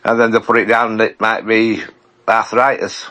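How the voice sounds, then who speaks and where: A man's voice: fairly low pitch, flat delivery, normal speed, sharp tone, poor audio. A man, a regular guest on a fan podcast, talking in a plain-spoken, rambling way. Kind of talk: casual fan podcast chat.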